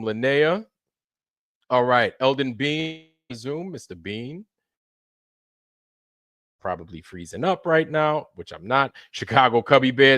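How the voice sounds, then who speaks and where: A man hosts a live stream and greets viewers in chat one by one. He talks in a relaxed, colloquial way and repeats his welcomes. His voice sits at a middle pitch and the recording is dry and close. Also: no room sound. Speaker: livestream host.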